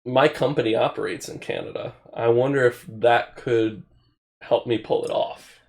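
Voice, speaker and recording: A man's voice: mid-range voice, steady tone, moderate pace, vocal fry. A man co-hosting a casual podcast, making dry quips and steering the talk back to his notes. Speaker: podcast co-host. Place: room with co-hosts, in person.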